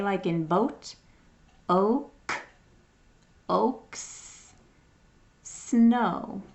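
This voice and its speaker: A woman teaching phonics, sounding out words one at a time in a patient, drawn-out way as she reads through a lesson. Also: mid-range voice, vocal fry. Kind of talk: slow phonics lesson reading.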